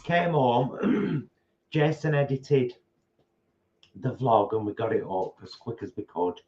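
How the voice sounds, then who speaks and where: A man's voice: mid-range voice, lively intonation, slow, a little mellow, lo-fi sound. A man, co-hosting a casual live stream from home and rambling chattily through his day. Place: home, at a table.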